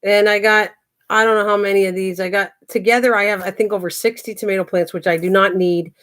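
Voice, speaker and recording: A woman's voice: medium pitch, fairly even intonation, fast, fairly bright tone. An older woman hosting her own channel, chatting casually to the camera and talking to her pets as she goes. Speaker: craft and garden channel host.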